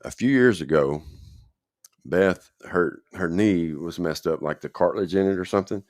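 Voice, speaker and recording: Host, man with an extremely low voice, rambling personal storytelling, dry close sound. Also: moderate pace, darkish tone, no room sound. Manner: rambling, checks in with the listener often. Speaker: podcast host telling his own story. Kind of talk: casual spoken storytelling.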